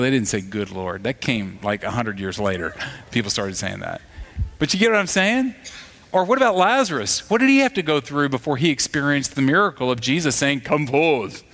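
A man's voice: a little high, creaky, a bit bright. A man preaching a sermon in a conversational, storytelling way, acting out the voices of the people in his stories. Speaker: pastor.

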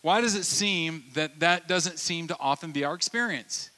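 A man preaching a sermon in a lively, conversational way, acting out the voices of the people in his stories. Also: fairly high pitch, moderate pace. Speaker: pastor.

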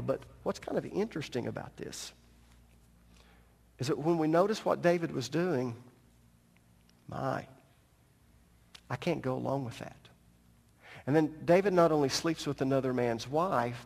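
A man preaching a sermon as pastor, telling a story with animated delivery and joking asides. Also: mid-range voice, gravelly, long reverb tail.

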